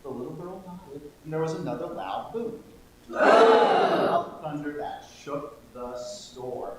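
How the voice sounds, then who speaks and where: A man's voice: fairly high pitch, slow pace. Playful man leading an interactive story. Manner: playful and animated, coaxing the crowd to join in. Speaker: lay speaker telling a children's story. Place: church sanctuary. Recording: echoey church hall, faint hum.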